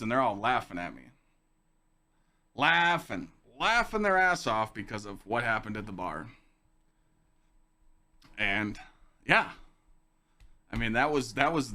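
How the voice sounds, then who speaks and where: A young man hosting a casual podcast stream, telling stories to chat in a lively, swearing, animated way. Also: medium pitch. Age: young adult. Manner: animated, swearing, acts out quoted lines in a raised voice. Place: home streaming room with dog on lap.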